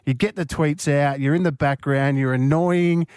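A man co-hosting a radio interview, chatty and quick to laugh. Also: a little high, steady tone, darkish tone, smooth, no room sound, clean studio sound. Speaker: radio host.

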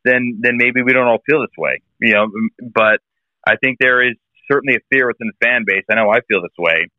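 A man's voice: medium pitch, fairly quick, dry recording. A man calling in from a hotel room to a sports podcast, weighing in thoughtfully with some stammered restarts. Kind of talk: casual sports talk. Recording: tinny phone-like line.

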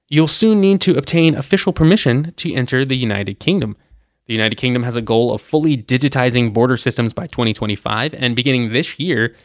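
A man's voice: mid-range voice, no echo. Man, podcast host, casual news rundown, opinionated, filler-heavy, dry close sound. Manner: chatty and opinionated, many "you know" fillers.

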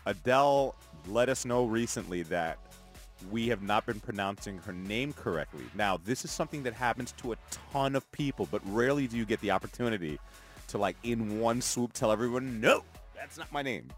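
A man with a Canadian accent co-hosting a morning radio show, playful and animated in casual banter. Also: lowish voice, brisk, soft background music.

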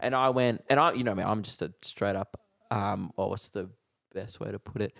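A man's voice: fairly low pitch, moderate pace, gravelly, no echo, clean studio sound. A man, a comedian co-hosting a podcast, telling a story in casual chat and acting out the voices of the people in it. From Australia. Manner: animated, acts out the voices in his story.

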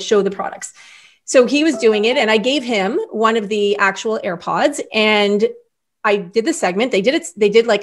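Animated middle-aged woman telling a story. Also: mid-range voice. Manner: animated storyteller, acts out quoted voices. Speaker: podcast guest. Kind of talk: casual interview chat.

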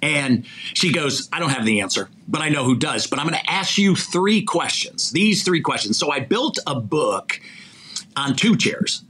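An older man, an executive recruiter appearing as a podcast guest, tells stories with animation, acting out quoted dialogue and chuckling mid-sentence. His voice is fairly high and expressive, with a sharp tone at normal speed. There's slight background noise.

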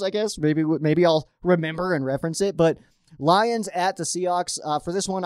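A man's voice: a little high, a little mellow, no room sound, studio quality. A man casually rambling through his football picks, restarting sentences and swinging his emphasis up and down. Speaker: sports podcast host.

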